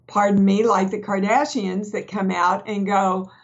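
A woman's voice: medium pitch, little pitch movement, a little slow, hardly any pauses. A woman, a guest actress in a candid podcast conversation, talking frankly and acting out remembered dialogue. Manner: frank storyteller, acts out quoted dialogue. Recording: dull lo-fi podcast audio.

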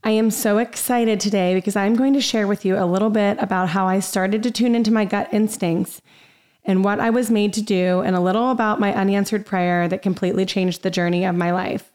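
A woman's voice: mid-range voice, steady tone, fairly quick, darkish tone. A young woman hosting a podcast, telling a personal story in an upbeat, chatty way with many fillers. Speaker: podcast host.

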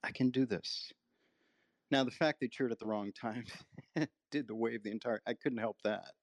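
A man's voice: mid-range voice, moderate pace, dry recording. A man, a guest on a remote call, telling his own story casually and acting out what he said back then. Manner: animated, acts out his own quotes.

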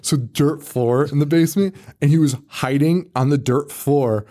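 A man's voice: a little high, normal speed, warm tone. Profane, laughing man telling stories. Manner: rambling, profane storytelling, laughs often. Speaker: podcast co-host. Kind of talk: casual chat.

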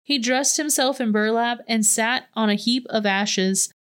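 A woman reading a Bible passage aloud in a steady, measured way. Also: a little high, smooth. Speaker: scripture reader.

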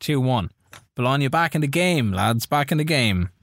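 A young adult Irish man co-hosts a podcast while playing a football management game, calling the action as it unfolds in a casual live-play chat. His mid-range voice moves at a moderate pace, breaking into excitable bursts. The mic is dry and close, with no echo.

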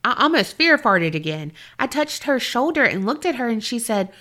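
Woman, podcast co-host, expressive story reading, bright clear tone. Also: fairly high pitch, moderate pace, few pauses. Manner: expressive, jokey storytelling read. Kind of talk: reading a listener story aloud, casual chat.

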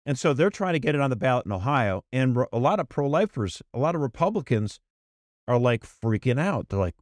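A man co-hosting a political talk podcast, speaking in an emphatic, animated way with frequent restarts. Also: mid-range voice, a little fast, no echo, clean studio sound. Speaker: podcast co-host. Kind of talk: casual political chat.

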